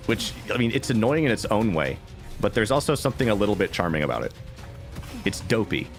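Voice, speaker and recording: A man streaming a video game who rambles casually in an animated way, full of asides. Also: fairly low pitch, a little fast, soft background music. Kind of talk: casual gameplay commentary.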